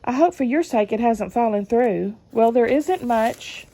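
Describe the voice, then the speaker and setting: A woman's voice: a little high, animated, unhurried, dark tone. A woman, reading old letters aloud and adding chatty comments between them. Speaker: channel host reading family letters.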